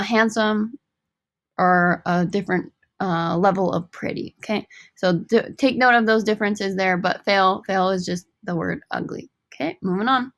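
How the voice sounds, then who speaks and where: A woman teaching a recorded Spanish lesson, upbeat and joking, repeating each word slowly. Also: mid-range voice, fairly bright tone, no echo, clean studio sound.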